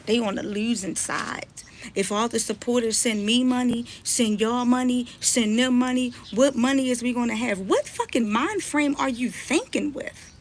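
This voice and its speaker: A woman's voice: a little high, normal speed, slight background noise. A woman blogger and mother ranting on a live stream, scolding and confronting someone she is talking about. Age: adult, mother.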